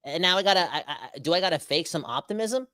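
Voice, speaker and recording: A man in his thirties co-hosting a sports podcast, given to excitable, exaggerated ranting. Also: high voice, fast talker, no echo. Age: 30s. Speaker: podcast co-host. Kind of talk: emotional sports podcast chat.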